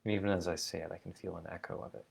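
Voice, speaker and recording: A man talking slowly and thoughtfully in a personal video diary, musing aloud with many fillers and restarts. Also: sits low, level tone, creaky, darkish tone, husky. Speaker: vlogger. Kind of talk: reflective spoken diary.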